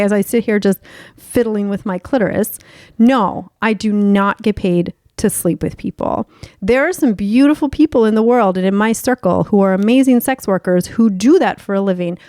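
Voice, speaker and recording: A woman hosts her own podcast in a candid, bubbly chat, tossing in playful swears as she goes. Her voice sits at a middle pitch and is recorded close and dry, with no room sound. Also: a little mellow, dry recording. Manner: bubbly, playful and openly profane. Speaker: podcast host and sex coach.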